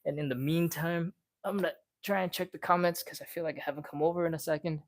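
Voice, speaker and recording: A man leading a live stretching session, chatty and encouraging, talking fast and a little out of breath. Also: a little high, fairly even intonation. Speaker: stretching instructor. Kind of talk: live-streamed workout coaching.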